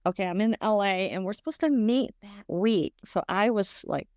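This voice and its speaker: A woman's voice: mid-range voice, moderate pace, darkish tone, smooth. A woman telling her own story as a podcast interview guest, earnest and rambling, with frequent restarts and self-corrections. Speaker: guest sharing a personal story.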